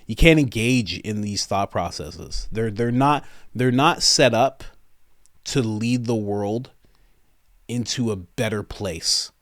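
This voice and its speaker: A man's voice: on the low side, slow, no room sound, clean studio sound. A man hosting a podcast, giving opinionated commentary in a casual, incredulous way, dropping words like "man" and "bro" and laughing between points. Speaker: podcast host.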